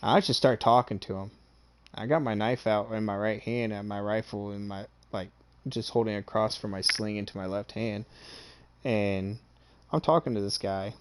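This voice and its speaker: A man's voice: fairly low pitch, moderate pace. A man casually telling a boastful, profane story from his own experience, often checking in with the listener. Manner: swears freely, checks in with "okay?"; boastful and amused. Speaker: streamer.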